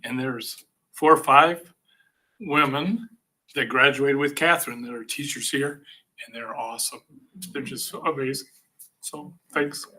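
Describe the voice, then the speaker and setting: An older man on a school board speaks slowly and with feeling. His voice is sharp and bright. He holds back his emotion as he talks. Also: mid-range voice, poor audio. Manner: slow, emotional, proud.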